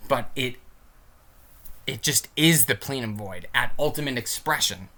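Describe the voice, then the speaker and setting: A man vlogging a casual philosophy rant to his viewers, animated and profane, with emphatic bursts. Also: mid-range voice, unhurried.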